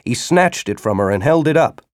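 A man's voice: mid-range voice, lively intonation, fairly quick, dry recording, clean studio sound. Dramatic male audiobook narrator. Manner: dramatic, shifts into urgent shouting dialogue.

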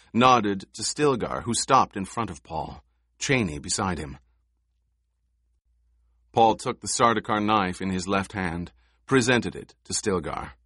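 Guy reading an audiobook, slow and steady, dead dry studio sound. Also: sits low, no echo. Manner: measured, unhurried storytelling. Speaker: audiobook narrator. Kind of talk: scripted narration.

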